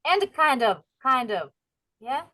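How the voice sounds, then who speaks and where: High-voiced Russian woman teaching English. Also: very animated, sharp tone. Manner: encouraging, repeats phrases slowly to model pronunciation. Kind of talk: online English lesson.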